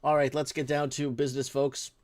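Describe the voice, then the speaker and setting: A man of ordinary pitch holds forth alone on his own show. He rants in a heated, blunt way, swears freely and repeats himself to hammer his points home. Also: flat delivery, brisk, a little mellow. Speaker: host of a talk show. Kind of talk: ranting solo commentary.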